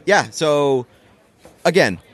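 A man's voice: a little high, expressive, takes it slowly. A man co-hosting a podcast in casual chat, laid-back, with dry jokes. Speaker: podcast co-host.

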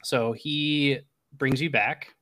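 A young man narrating as game master, halting and restarting often as he talks. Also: mid-range voice, steady tone, fairly bright tone. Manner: halting, many restarts and fillers.

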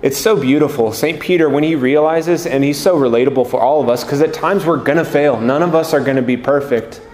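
A male priest giving a slow, gentle, earnest homily. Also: on the high side. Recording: echoey room with long reverb.

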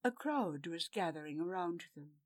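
A woman's voice: lowish voice, animated, moderate pace. A woman narrating a fantasy story with dramatic delivery, changing her voice for the characters. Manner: dramatic, shifts voice for each character.

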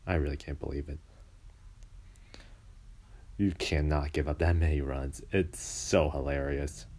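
A man with an extremely deep, low voice rants casually about baseball. He sounds exasperated and mocking, complaining at length. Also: fairly even intonation, unhurried, darkish tone. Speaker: baseball fan commentator. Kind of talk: casual sports rant.

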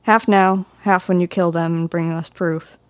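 A woman reading as a gruff farmer man. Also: high-pitched, level tone, measured pace, a bit bright, no echo. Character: gruff plain farmer man hiring a hunter.

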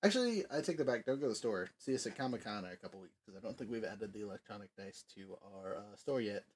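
A man's voice: fairly low pitch, fast, breathy edge. A man hosting a casual tabletop gaming podcast, rambling with many fillers. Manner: rambling, filler-heavy, lively. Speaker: podcast host. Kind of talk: casual chat.

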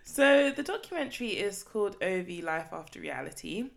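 A woman's voice: medium pitch, animated, normal speed, creaky. A young woman co-hosting a podcast, playful and gushing in casual chat, laughing often. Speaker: podcast co-host.

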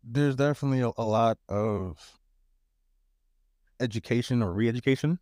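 A man's voice: medium pitch, moderate pace, darkish tone, dry recording, clean studio sound. A man co-hosting a podcast in a laid-back, joking way, often restarting his words. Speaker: podcast co-host. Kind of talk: casual chat.

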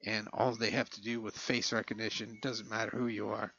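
A middle-aged man rambles through a casual monologue in a gravelly, husky voice, swearing freely and chuckling as he goes. His tone has a sharp, tense edge. The recording sounds dull and lo-fi. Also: lowish voice, level tone, fairly quick.

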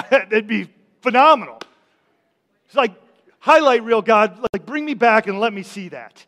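A man's voice: high-pitched, lively intonation, unhurried, sharp tone. A man preaching a sermon as pastor, talking conversationally, asking the congregation questions and often repeating his words. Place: church sanctuary. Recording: long church hall reverb.

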